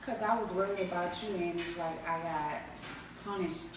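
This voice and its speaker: A woman speaking softly and quietly in a casual group conversation. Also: lowish voice, steady tone, moderate pace, very noisy. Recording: very echoey, far, voices around.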